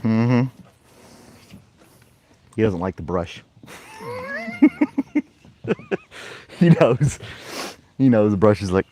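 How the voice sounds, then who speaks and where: A man's voice: fairly low pitch, huge pitch swings, drawn-out words, long pauses, mellow, slight background noise. A man chatting casually as he plays with his dog in a backyard, giving playful commands and chuckling often. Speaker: vlogger and podcast host. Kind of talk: casual chat while playing with his dog. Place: backyard outdoors.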